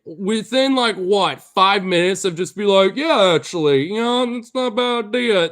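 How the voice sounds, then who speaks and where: A man with a Pacific Northwest accent, a streamer chatting casually with viewers, excitable, swearing freely and laughing often. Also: sits high, unhurried. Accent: Pacific Northwest American. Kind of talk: casual chat answering viewer comments.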